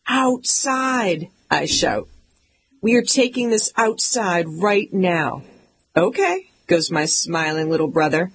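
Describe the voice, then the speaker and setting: A woman's voice: fairly low pitch, slight background noise, low-quality recording. A woman reading a comic memoir aloud in an emphatic, mock-indignant way. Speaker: audiobook narrator. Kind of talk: scripted comic memoir narration.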